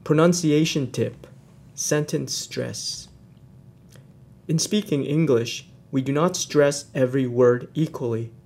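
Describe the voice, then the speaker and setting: Gravelly, slow-spoken lesson narrator, a man. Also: mid-range voice, a little mellow. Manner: slow, measured instructional delivery. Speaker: narrator of a language course.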